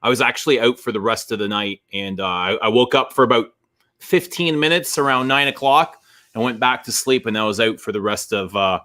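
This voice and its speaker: A middle-aged Canadian man talks through a stream in loose, rambling chat. His voice is bright and forward, with a mid pitch, and he often stops and restarts his sentences. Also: brisk. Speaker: stream co-host. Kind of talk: casual chat.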